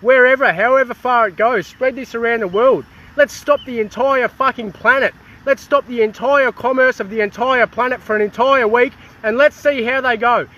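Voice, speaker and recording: A man's voice: extremely high pitch, normal speed, hardly any pauses, sharp tone, muffled recording. Heated Australian man ranting outdoors. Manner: heated, swearing, many restarts. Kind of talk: casual outdoor rant to camera.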